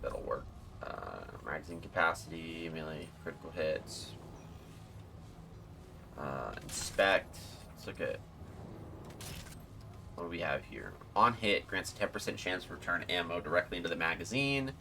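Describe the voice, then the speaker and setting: A man's voice: low voice, animated, a little slow, vocal fry, pauses often, background noise. A young man giving casual commentary while playing a video game, reading item text aloud between chatty asides. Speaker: gaming streamer.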